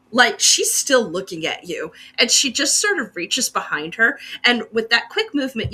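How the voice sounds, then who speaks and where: Husky, unhurried woman game master. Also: medium pitch, pushed and bright. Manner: descriptive, unhurried, second-person scene-setting. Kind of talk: narrating a tabletop game.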